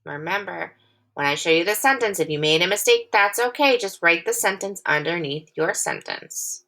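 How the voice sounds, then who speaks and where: A woman teacher giving a recorded phonics lesson to young children. She is clear, patient and encouraging, and reads the sample sentences slowly and with lots of expression. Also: lowish voice, fairly bright tone. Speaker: elementary school teacher.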